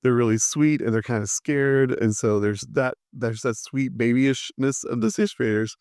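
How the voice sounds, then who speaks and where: A man chats as a podcast guest, spinning lively stories and slipping into the voices of the people he quotes. His voice is smooth and resonant, and the recording is dry and close with no room sound. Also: medium pitch, moderate pace, no room sound. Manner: animated storyteller who acts out quoted voices. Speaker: theater arts teacher, podcast guest. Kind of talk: casual storytelling conversation.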